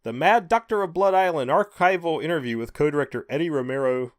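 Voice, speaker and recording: A man's voice: on the high side, quick pace, dry recording, studio quality. A man co-hosting a podcast, chatting casually and reading out release listings with offhand asides. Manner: relaxed, reads release lists with asides. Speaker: podcast co-host. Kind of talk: casual chat.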